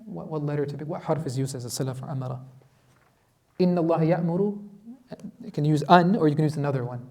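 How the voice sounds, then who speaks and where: A man's voice: a little high, fast, darkish tone. A man teaching a Quran lesson as an imam, asking his class questions and reciting Arabic verses.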